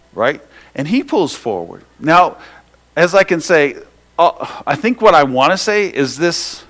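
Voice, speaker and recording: Male pastor, slightly high voice, lively anecdotal sermon with asides. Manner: animated storyteller, restarts and asides to the audience. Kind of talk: sermon with storytelling.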